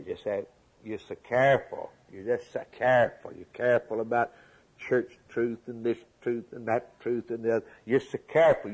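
A man's voice: medium pitch, husky, poor audio. A man preaching a sermon, emphatic and repetitive, asking the congregation rhetorical questions.

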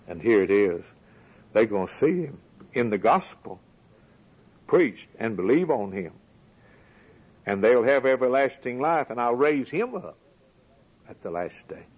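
A man's voice: mid-range voice, big pitch swings, unhurried, long pauses, a little mellow, husky, rough recording. A man preaching a sermon, building his points with rhetorical questions and a rising, emphatic cadence.

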